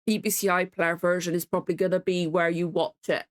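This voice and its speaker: A woman's voice: lowish voice, little pitch movement, brisk. A woman hosts a reaction video indoors at home, chatting loosely to camera. She rambles through asides and swears freely. She is sore and cold as she talks. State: in pain and cold. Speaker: reaction channel host. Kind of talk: casual chat to camera.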